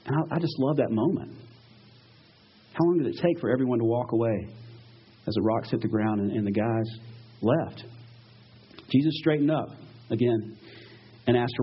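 A male pastor preaching a sermon, retelling stories with lively acted-out quotes. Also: fairly low pitch, a little fast, breathy edge, dull audio. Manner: animated storytelling, acts out quoted voices.

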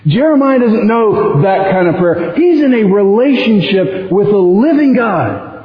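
A male pastor preaching a sermon in an animated way, acting out quoted prayers as he goes. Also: measured pace, reverberant, in a large hall, lo-fi sound. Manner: animated, acts out quoted prayers with sudden rises in pitch.

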